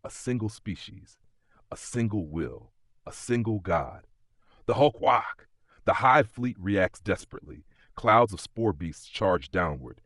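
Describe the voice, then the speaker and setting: A man's voice: on the low side, animated, measured pace, fairly bright tone, no echo, clean studio sound. A man telling an epic story in scripted dramatic narration.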